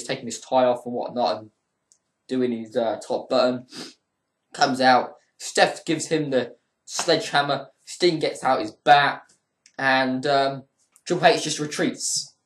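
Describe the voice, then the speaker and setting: A young man giving a casual spoken review of a wrestling show, rambling and profane, with lots of ums and heated rants. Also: mid-range voice. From United Kingdom. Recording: echoey room.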